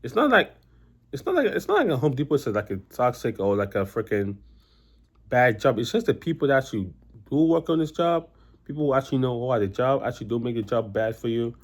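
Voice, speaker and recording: A very animated young man with a mid-range voice talks a little fast while vlogging about his experiences. He rambles, restarting frequently and filling gaps with "you know."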